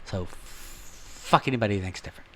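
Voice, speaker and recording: A man's voice: lowish voice, fairly quick, sharp tone. A man co-hosting a podcast who talks bluntly and profanely in casual chat. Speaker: podcast co-host.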